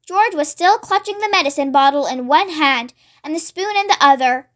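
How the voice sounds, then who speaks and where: A read-along narrator reading a children's story aloud in a steady, expressive way, then signing off to viewers. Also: high-pitched, moderate pace.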